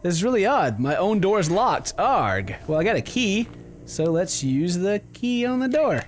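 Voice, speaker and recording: Animated young man narrating a game. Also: high voice, normal speed, faint music behind. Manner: animated, playful, reads game dialogue aloud in voices. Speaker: gaming video host. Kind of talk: casual game commentary with character readings.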